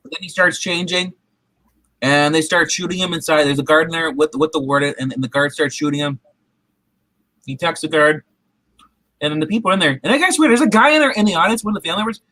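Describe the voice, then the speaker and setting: A man's voice: a little high, quick pace, sharp tone, no room sound, poor audio. A man reviewing a movie in casual chat, rambling with frequent restarts and fillers.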